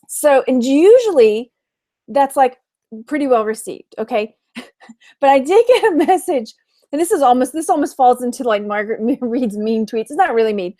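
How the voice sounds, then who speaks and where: This woman from Texas has a high, somewhat dark voice. An online reseller and livestream host, she chats casually on her stream, laughs a lot, and reads viewer comments aloud.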